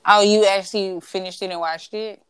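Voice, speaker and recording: A woman co-hosting a casual chat, soft-spoken and agreeable, mostly asking questions. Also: mid-range voice, steady tone, brisk, clean tone, no echo. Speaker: podcast co-host.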